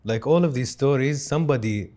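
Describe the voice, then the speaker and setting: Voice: mid-range voice, a little fast, dark tone. An interviewer responding to a guest's story in a reflective way, openly saying he is moved. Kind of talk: conversational interview.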